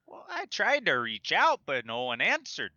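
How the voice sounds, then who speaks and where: Very lively, bright-voiced male player. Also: a little high, moderate pace, no room sound, highs cut off. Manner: animated, joking. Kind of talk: in-character tabletop roleplay.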